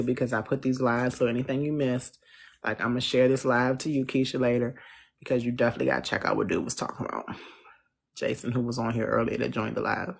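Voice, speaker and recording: A relaxed astrologer chats through a live stream on a phone. The voice sits at a middle pitch, with loose slang and easy laughter while answering viewers. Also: gravelly. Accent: Central US. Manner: chatty, answers viewer comments. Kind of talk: casual livestream chat.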